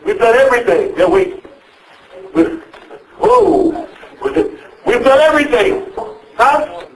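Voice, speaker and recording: A man's voice: very high voice, very animated, takes it slowly, slight background noise. A man lecturing young people in a mosque, questioning the audience and repeating his phrases. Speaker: speaker advising young people. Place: mosque hall. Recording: echoey hall, mic at a distance.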